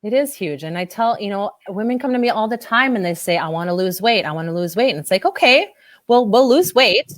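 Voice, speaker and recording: A woman's voice: medium pitch, quick pace, hardly any pauses, dry recording. A woman body-image coach telling a client story in an interview, emotional and teary, gushing as she quotes herself. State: teary-eyed.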